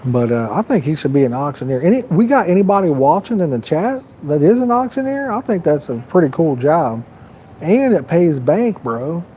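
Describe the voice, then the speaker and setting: A man hosting a fishing livestream from the edge of a park pond, talking loosely and rambling to his chat. His voice sits a little high but sounds mellow and relaxed. A faint outdoor hiss runs underneath. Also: fairly quick, few pauses, rough recording. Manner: rambling, chatty, talks to viewers in the chat. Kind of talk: casual live-stream chat.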